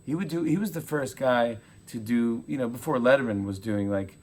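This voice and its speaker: A man in his forties, a talk show host, telling animated stories in a casual interview and acting out quotes. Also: mid-range voice, fairly quick. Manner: animated storyteller, acts out quotes.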